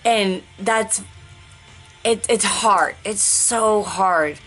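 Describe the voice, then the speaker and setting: A woman's voice: medium pitch, fairly bright tone, soft background music. Candid woman groping for words. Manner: rambling, searching for words, with restarts and sighs; slow, deliberate pacing. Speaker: vlogger sharing life after a stroke. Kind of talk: candid personal vlog.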